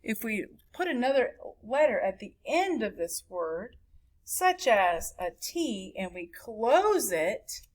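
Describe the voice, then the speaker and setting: A woman's voice: on the high side, big pitch swings. A woman teaching a phonics lesson to a class, sounding out words syllable by syllable. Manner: slow, clapping out words syllable by syllable.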